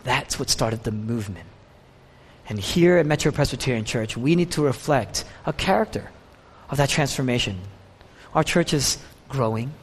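A man preaching a sermon as pastor, passionate, with wide swings in pitch and volume. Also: slightly rough. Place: church sanctuary. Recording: church hall with long reverb.

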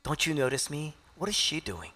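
A man's voice: a little high, very animated, moderate pace, sharp tone, exaggerated voice. A man voicing a frustrated, overworked woman who pleads to be noticed, in an exasperated tone. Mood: pleading.

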